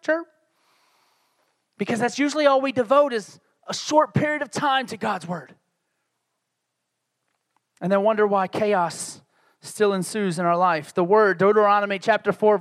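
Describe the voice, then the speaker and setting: A man's voice: very high-pitched, a bit bright. A man preaching a sermon as pastor, conversational and joking, building to emphatic peaks.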